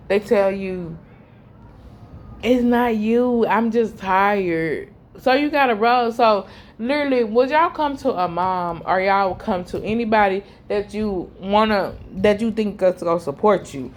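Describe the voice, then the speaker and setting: A young woman pours out a personal story. Her voice sits in a middle register, and she circles back over the same points again and again. Often her voice sinks low and soft as she trails off. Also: normal speed, slight background noise. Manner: heartfelt, repetitive, voice dropping low and quiet toward the end. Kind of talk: emotional personal testimony.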